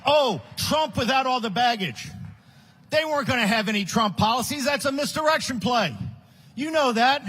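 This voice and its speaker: A man rails at a conference crowd in a combative political speech, his raspy voice straining very high. The tone is sharp and bright, and he keeps tipping into shouts full of scorn. He sounds like a big hall speaker working the room. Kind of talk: fiery political rally speech.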